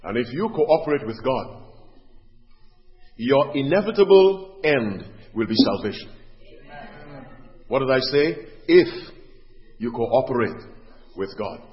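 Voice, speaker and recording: A man preaching a sermon, dropping to quiet asides and then rising to loud, pleading questions. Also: medium pitch, lively intonation, slow, pauses often. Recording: dull audio with long hall reverb.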